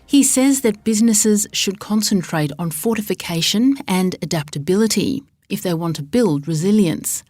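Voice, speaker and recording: A woman hosting a business podcast, reading a measured, clear scripted introduction. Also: medium pitch, lively intonation, a little mellow, no echo. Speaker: podcast host. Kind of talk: scripted narration.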